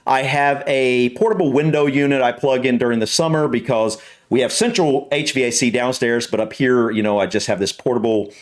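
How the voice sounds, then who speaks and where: A man's voice: medium pitch, a little fast. An American man hosting a reaction video, chatting casually from an upstairs room at home in a rambling way, full of fillers and restarts. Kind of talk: casual chat.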